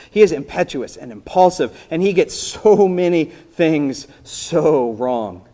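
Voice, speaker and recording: A man preaching a sermon in a conversational storytelling manner, briefly acting out the people in the story and dropping to a soft voice for emphasis. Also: a little high. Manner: conversational storytelling, voicing biblical characters, drops to soft emphasis. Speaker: pastor.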